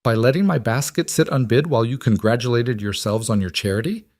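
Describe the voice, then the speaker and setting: A man's voice: medium pitch, fairly quick, a little mellow, dry recording, clean studio sound, pitched above the performer's own voice, natural voice. A man voicing a young frontier widow who answers her town firmly. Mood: defiant. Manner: firm, defiant. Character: young widow, hurt but defiant.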